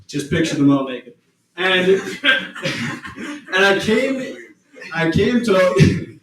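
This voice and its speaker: Profane, self-mocking stand-up comedian. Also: male voice, on the high side, a bit bright. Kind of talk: stand-up set. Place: comedy club stage. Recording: echoey club from far off.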